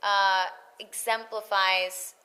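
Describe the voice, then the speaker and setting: Bright, animated woman voice actress. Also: medium pitch, slow, rough recording. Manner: animated, acts out quoted lines. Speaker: voice actress guest. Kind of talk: casual interview chat.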